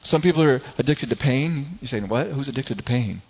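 A man's voice: medium pitch, animated, fairly quick, a little mellow, breathy edge, muffled recording. A middle-aged man preaching a sermon in a conversational way, often repeating words and acting out everyday people. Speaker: pastor.

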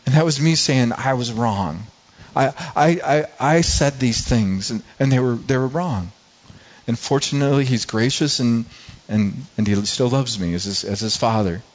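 A middle-aged pastor of medium pitch and normal speed preaches earnestly, weaving in personal stories and frequently starting over. The recording is lo-fi and slightly dull.

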